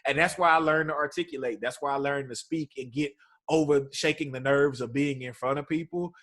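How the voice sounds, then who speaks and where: A man's voice: mid-range voice, a little fast. A man from East Texas in his thirties, a podcast guest telling stories in casual conversation and acting out the voices he quotes. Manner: animated storyteller, acts out quotes.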